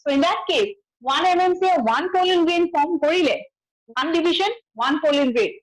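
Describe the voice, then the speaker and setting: A biology teacher with an Assamese accent lectures her class in a high, expressive voice, talking fast and switching between English and Assamese. She keeps asking students check questions so they can verify their answers. The audio quality is poor.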